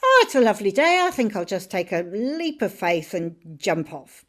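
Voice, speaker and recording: A woman's voice: mid-range voice, sing-song, moderate pace, a bit bright. A woman voicing a cheerful, oblivious young man who gazes at the sky on a cliff edge. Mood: carefree. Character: carefree young man about to step off a cliff.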